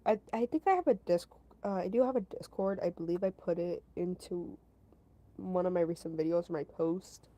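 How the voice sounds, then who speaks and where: A woman's voice: lowish voice, moderate pace, mellow, highs cut off. A woman casually telling a story to her stream chat, rambling, repeating herself and padding her talk with fillers. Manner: talks to her chat between story parts.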